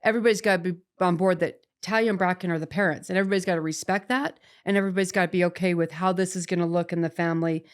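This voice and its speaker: This forty-something podcast guest tells a personal story rapid-fire, barely pausing, in a voice on the low side. Her telling is lively and chatty, full of restarts and quick "right?" checks.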